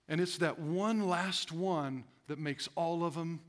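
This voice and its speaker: A male pastor preaching a sermon, animated, laughing often and acting out the voices of stressed people. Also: fairly high pitch, slow, few pauses. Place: church sanctuary.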